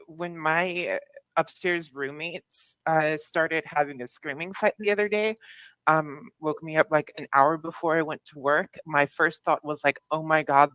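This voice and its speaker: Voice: medium pitch, fairly bright tone, no echo, low-quality recording. A caller on a podcast, speaking earnestly and hesitantly, full of "um"s. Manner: earnest, hesitant, filler-heavy. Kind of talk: personal testimony.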